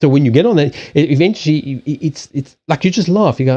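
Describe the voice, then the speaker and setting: Male stream host, rambling and animated, mellow tone, dull lo-fi sound. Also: a little high, quick pace. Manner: rambling, swearing, laughing, with frequent restarts. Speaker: livestream host and card reader. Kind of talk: casual live-stream chat.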